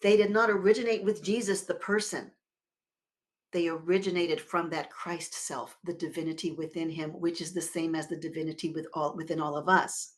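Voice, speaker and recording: A woman minister giving a sermon in a conversational, expressive way, swelling and dropping her volume and leading the congregation in repeating words together. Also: on the low side, moderate pace. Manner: expressive with sudden swells and drops in loudness.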